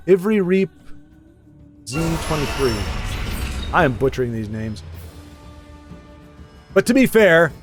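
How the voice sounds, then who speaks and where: A man casually commentating a card game match, chatty and self-deprecating, rambling with frequent restarts. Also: fairly high pitch.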